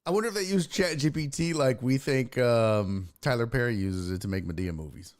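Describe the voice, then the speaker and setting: A man's voice: medium pitch, a little fast. A young man hosting a casual sports podcast, joking around and cursing freely. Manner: profane, animated, joking. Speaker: podcast host.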